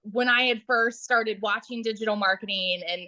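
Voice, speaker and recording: A woman in her thirties, a guest on a livestream interview, chatting excitedly and talking straight to viewers. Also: fairly high pitch, moderate pace, no echo. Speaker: guest sharing her story.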